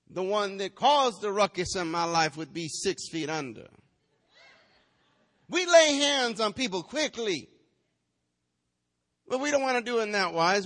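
High, bright-voiced male preacher chanting. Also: long reverb tail. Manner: rhetorical questions, playful scolding, slips into sing-song chant. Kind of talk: sermon. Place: church.

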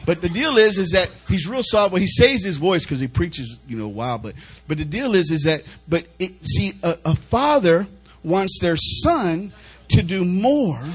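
High-voiced husky male preacher. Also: animated, normal speed, poor audio. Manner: emphatic, repetitive, urging the congregation. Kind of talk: sermon.

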